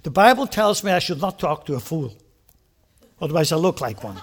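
A male pastor preaching a sermon, animated, firing off rhetorical questions and acting out prayers. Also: a little high, a little fast, slightly rough.

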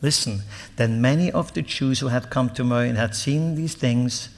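In a large hall, a man preaches a sermon at a moderate pace, reading scripture aloud and explaining it. He climbs to loud, emphatic peaks and drops into low asides.

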